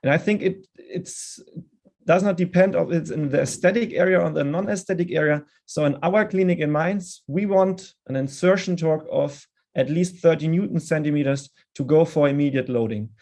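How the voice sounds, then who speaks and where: A man presenting a dental implant lecture in a webinar, then answering questions, measured and often restarting his words. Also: fairly high pitch, darkish tone. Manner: measured, with frequent restarts and hesitations.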